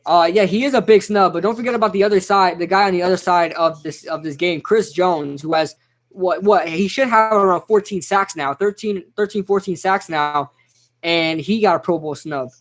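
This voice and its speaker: A young man casually reacting live to a football game, chatting with viewers and shouting out their names. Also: sits high, normal speed. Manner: excitable, chatty, reads out chat names. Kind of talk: casual live-stream commentary.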